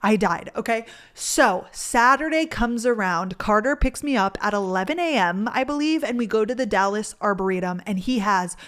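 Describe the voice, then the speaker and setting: A woman's voice: medium pitch, expressive, normal speed, few pauses, a bit bright. A young woman telling a dating story in a casual, rambling way, with lots of "like" and gushing asides. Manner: gushing, rambling, filler-heavy with frequent "like". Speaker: vlogger.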